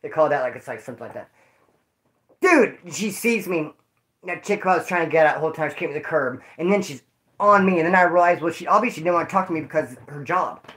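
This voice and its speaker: A man's voice: a little high, lively intonation, quick pace, fairly bright tone. A man casually telling stories to his viewers, rambling, jokey and full of swearing. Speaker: vlogger telling prison stories.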